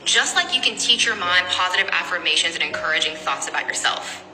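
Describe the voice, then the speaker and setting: A woman's voice: fairly low pitch, lively intonation, brisk. A woman giving an emphatic, direct motivational speech. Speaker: motivational speaker. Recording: reverberant hall, soft music.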